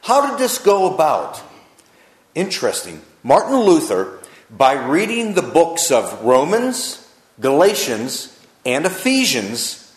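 A male preacher delivers a sermon at an unhurried pace, leaning hard on key phrases. His voice sits a little high and swings widely in pitch. The sound carries a noticeable room echo. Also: huge pitch swings. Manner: emphatic, slows down to stress key phrases.

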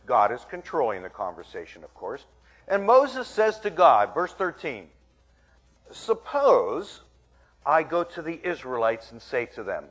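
Slow, animated male preacher. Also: fairly high pitch. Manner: dramatic, acts out the crowd's voices. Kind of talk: sermon.

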